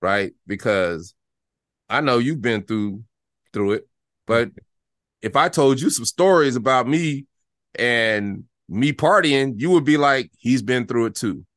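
A man, an actor and guest, telling animated stories in a casual interview, sometimes dropping to a near-whisper to make a point. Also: medium pitch, slow, dry recording, clean studio sound. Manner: animated, storytelling, drops to a hush to demonstrate.

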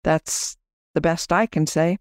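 A woman's voice: on the low side, steady tone, slow, no room sound, studio quality. A woman podcast host and business coach, chatting as she explains her program and guides listeners through an exercise.

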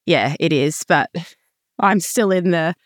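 A woman's voice: lowish voice, slow pace, dry recording, studio quality. A woman co-hosting a parenting podcast, chatting casually and telling stories from home. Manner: laughing, storytelling, chatty. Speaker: podcast co-host; mother of young children. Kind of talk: casual chat.

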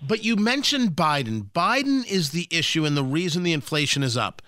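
A man's voice: on the high side, big pitch swings, moderate pace, bright, forceful tone, dry recording, studio quality. A man hosting a talk radio show, interviewing a guest with probing questions and wry asides.

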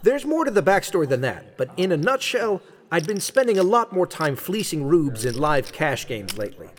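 A man's voice: a little high, very animated, normal speed. An actor playing a cocky male card hustler who narrates with a wry, sardonic tone and puts on a fake Australian accent at the table. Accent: fake Australian put-on over American. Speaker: narrator and poker player. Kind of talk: scripted audio drama.

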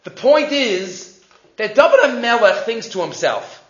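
Male Torah teacher, high voice, lively delivery, roomy dull recording. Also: a little slow. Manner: animated, acts out quotes with rising voice; mixes Hebrew quotes into English. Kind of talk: weekly Torah portion class.

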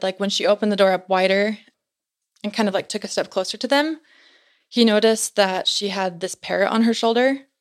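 A young woman guest on a podcast, casually telling a story and filling her speech with "like". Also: mid-range voice. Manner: chatty, fills speech with "like".

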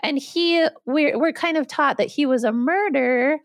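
A woman's voice: sits high, moderate pace, no echo, studio quality. A woman co-hosting a podcast, discussing a book with engaged enthusiasm. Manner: engaged, enthusiastic, uses fillers like "like". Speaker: podcast co-host. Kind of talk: podcast conversation.

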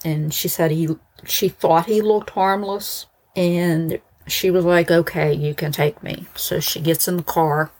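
A woman's voice: on the low side, fairly even intonation, unhurried, hardly any pauses, a little mellow. A woman casually recounting a true crime case as a podcast host, chatty and conversational. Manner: conversational, lots of "like" and "so he goes". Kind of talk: casual storytelling narration.

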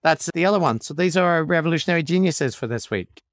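A man's voice: fairly high pitch, expressive, fast talker, no room sound, studio quality. A man co-hosting a podcast in casual chat, reading out listener reviews with wry, joking asides. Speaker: podcast co-host.

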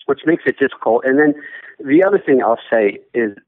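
A man who hosts a sports studio show, a guest chatting casually and joking with animated asides. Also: medium pitch, fairly quick, no room sound. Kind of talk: casual interview chat. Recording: tinny phone-like line.

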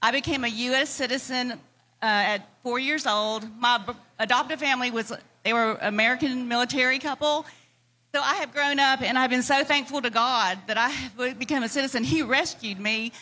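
A woman's voice: high voice, steady tone, brisk, sharp tone. A woman from Germany with a Southeast Texan accent, telling her story heartfelt at a convention. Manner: heartfelt, laughs easily. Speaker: interviewee. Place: convention floor.

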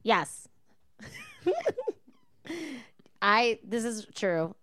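A woman guest on a podcast telling restaurant stories in a lively, laughing way and mimicking customers' voices. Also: on the high side, extremely slow, no echo. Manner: animated storyteller, mimics customers, laughs often. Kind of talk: casual chat.

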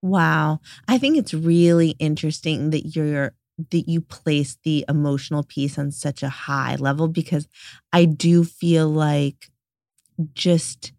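Woman, podcast host, low voice, gravelly edge, dry sound, enthusiastic chatty manner. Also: takes it slowly, dry recording. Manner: warm, enthusiastic, says "like" often. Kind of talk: casual interview chat.

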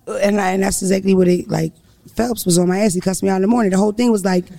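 Raspy, gravelly woman with hall echo. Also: rapid-fire. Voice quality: deep raspy voice. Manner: loud, blunt, swears freely, animated storytelling. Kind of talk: casual chat.

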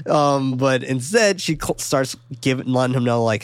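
Animated, swearing man with a dry sound. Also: mid-range voice, moderate pace, hardly any pauses, no echo. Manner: animated, swears a lot, acts out quotes. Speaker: podcast co-host. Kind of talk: casual movie discussion.

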